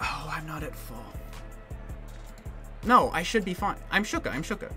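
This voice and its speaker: A man commentating his own competitive game match, thinking aloud in quick bursts and getting excitable. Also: on the high side, soft background music. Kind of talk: live gameplay commentary.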